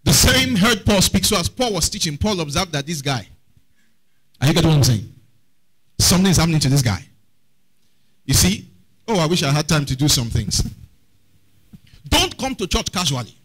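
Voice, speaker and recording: A man's voice: a little high, very animated, normal speed, long pauses, breathy edge, low-quality recording. A man preaching a sermon as pastor, often asking the congregation questions.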